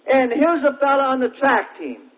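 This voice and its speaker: A man preaching a sermon, telling folksy everyday examples and asking drawn-out, emphatic questions. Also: very high voice, animated. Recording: tinny, narrow-band old recording.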